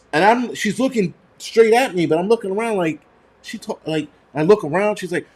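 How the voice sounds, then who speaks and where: Fast-ranting profane New man, higher voice. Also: animated, a little mellow, husky. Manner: profane, heated, rambling storytelling. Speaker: prepper channel host. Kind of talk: casual ranting monologue.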